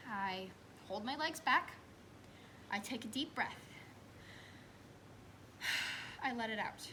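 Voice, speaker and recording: A woman's voice: a little high, a little hiss or hum, heavily acted, low-quality recording. A young woman playing an anxious new mother. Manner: expressive, dropping to whispers. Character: anxious new mother recalling giving birth. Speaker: student actress. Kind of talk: stage monologue. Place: school theater stage.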